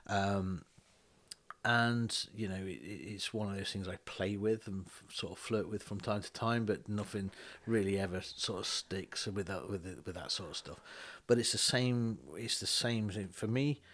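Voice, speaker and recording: Man, fairly low voice, tattoo artist, lively chatty storyteller who acts out the dialogue. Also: normal speed. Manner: animated, acts out quoted dialogue, frequent restarts. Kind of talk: casual storytelling chat. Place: podcast recorded on a bus.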